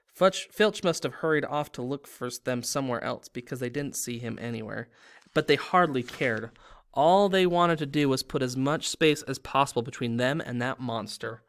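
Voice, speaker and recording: A man's voice: mid-range voice, moderate pace, fairly bright tone. A man hosting a read-aloud video, reading a novel aloud with dramatic pacing.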